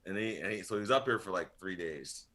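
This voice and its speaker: A man's voice: low voice, lively intonation, fairly quick, bright, forceful tone. A man on a casual podcast panel, telling a long rambling story full of swearing and laughter. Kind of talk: casual chat.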